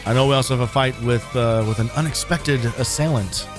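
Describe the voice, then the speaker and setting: A man giving casual, animated commentary while streaming a game, swearing freely and laughing easily. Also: medium pitch, brisk. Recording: game music behind the voice. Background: game music.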